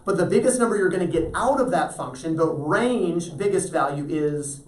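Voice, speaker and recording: A man's voice: a little high, animated, normal speed. A man teaching a math class, talking through problems and often checking whether students follow. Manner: asks the class frequent check-in questions. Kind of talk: classroom lecture. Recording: roomy echo, voice from far off.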